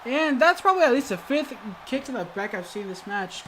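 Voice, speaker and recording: Excited woman calling game action. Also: a little high, normal speed, hardly any pauses, a little hiss or hum. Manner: excited calls with sudden exclamations; hesitant fillers and self-corrections. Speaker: gaming video host. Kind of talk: play-by-play game commentary.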